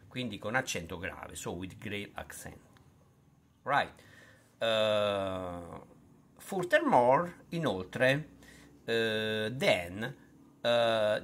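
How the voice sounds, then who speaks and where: Slow Italian-accented man teaching vowels. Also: lowish voice, fairly bright tone, slight background noise. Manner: unhurried, full of fillers and restarts. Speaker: language tutor. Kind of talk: teaching pronunciation.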